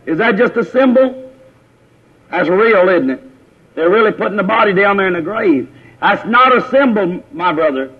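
A man's voice: high-pitched, animated, fairly quick, slightly rough. A man preaching a sermon, repeating his points and putting questions to the congregation, calling on brothers by name. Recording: tinny lo-fi phone-like recording.

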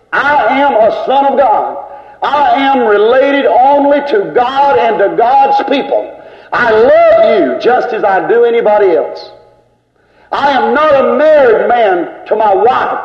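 High-voiced older preacher on old tape. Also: male voice. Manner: emphatic, repetitive, scolding preaching. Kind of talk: sermon. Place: church. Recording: echoey lo-fi church tape.

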